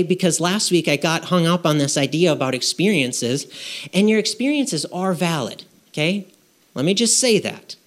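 A man preaching a sermon to his congregation in a conversational way, asking rhetorical questions and checking in with "okay?". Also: high-pitched. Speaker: pastor. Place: church.

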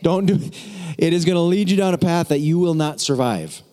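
A man's voice: a little high, a little fast, dark tone. A man preaching a sermon as pastor, emphatic and repetitive, with casual asides to the congregation. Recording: long hall reverb.

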